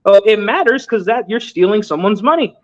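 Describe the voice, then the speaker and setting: A man's voice: high voice, expressive, a little fast, a bit bright. A young man in his twenties, a guest telling his story in a casual interview, loose and earnest with lots of filler words. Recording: dull lo-fi audio.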